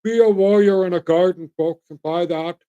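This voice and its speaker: A man's voice: sits high, normal speed, warm tone, smooth, lo-fi sound. A middle-aged man from Canada hosting his own show, rambling bluntly and folksily as he talks straight to his viewers. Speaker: host. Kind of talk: opinionated solo commentary.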